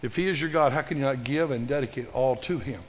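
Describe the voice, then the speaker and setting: A man preaching a sermon in a church, emphatic and building to loud, passionate scripture reading. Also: mid-range voice, quick pace, a little hiss or hum. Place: church sanctuary. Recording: long hall reverb.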